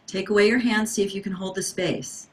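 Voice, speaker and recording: A woman's voice: mid-range voice, steady tone, fairly quick. A middle-aged woman teaching an online singing workshop over a video call, encouraging the class to wave and respond.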